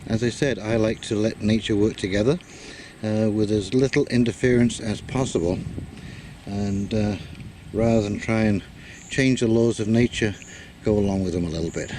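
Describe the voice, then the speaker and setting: A man casually talking through his garden work outdoors, pausing often with filler words as he explains. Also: fairly low pitch, slight background noise. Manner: rambling, many "uh" pauses, relaxed storytelling. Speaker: gardening vlogger.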